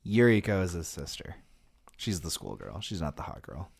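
Lively-voiced man, casual podcast banter. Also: sits low, vocal fry, slightly rough. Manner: animated, joking, talks fast about games. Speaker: podcast co-host. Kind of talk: casual chat.

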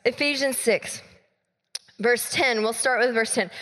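A woman pastor delivers a sermon from the pulpit. Her voice sits high and sounds bright, and she takes her time over each phrase. She tells a story playfully, acting out the dialogue. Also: measured pace, long reverb tail.

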